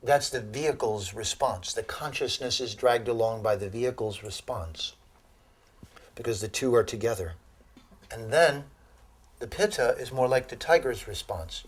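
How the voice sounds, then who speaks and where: A man giving a lecture on Ayurveda to an audience, telling animated stories and laughing at his own jokes. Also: medium pitch, breathy edge. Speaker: Ayurveda teacher.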